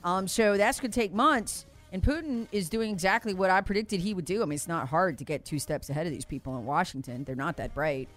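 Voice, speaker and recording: A woman's voice: lowish voice, a little fast, few pauses, soft background music. A woman giving emphatic political commentary, repeating her points and acting out what others said. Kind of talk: animated political talk.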